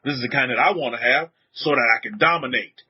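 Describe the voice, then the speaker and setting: A man preaching a sermon to a congregation, animated, repeating words and putting questions to the room, on a dull lo-fi recording. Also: mid-range voice, quick pace, breathy edge. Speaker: rabbi teaching a congregation.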